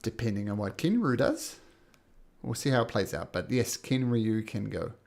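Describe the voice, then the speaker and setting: Male game master: animated narration with a gravelly edge. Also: fairly low pitch, moderate pace. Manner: upbeat, laughing narration. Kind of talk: running a tabletop game.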